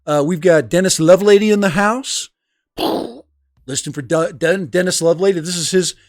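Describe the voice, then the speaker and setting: A man's voice: high voice, moderate pace, no echo. Chatty man hosting a livestream. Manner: rambling, laughs often, talks to chat. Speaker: livestream host and teacher. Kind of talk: casual livestream chat reading comments. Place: home room. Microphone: desk microphone. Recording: dry close sound with music behind.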